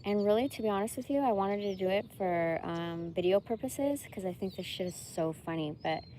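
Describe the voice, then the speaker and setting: Talking to her viewers in a casual to-camera chat, a woman vlogger swears freely and bursts out laughing. She speaks briskly and animatedly at medium pitch with a mellow quality, over slight background noise.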